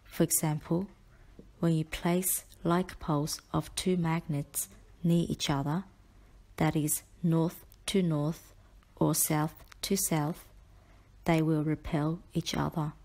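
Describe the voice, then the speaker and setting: A woman tutor reading a spelling list aloud, with definitions and example sentences, in a measured and carefully enunciated way. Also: deep voice, little pitch movement, mellow. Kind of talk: slow spelling-list dictation.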